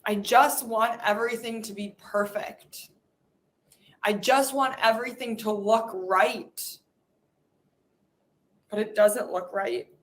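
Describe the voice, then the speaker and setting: A woman's voice: on the high side, fairly even intonation, takes it slowly, pauses often. A woman hosting a podcast, leading a guided emotional release exercise and voicing her hurt and frustration aloud in a raw, unfiltered way. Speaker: podcast host.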